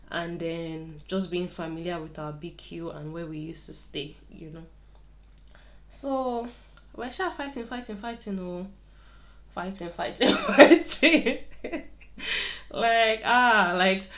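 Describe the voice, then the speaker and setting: A young woman casually telling a story while doing her hair, chatty and repeating words for emphasis. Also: on the low side.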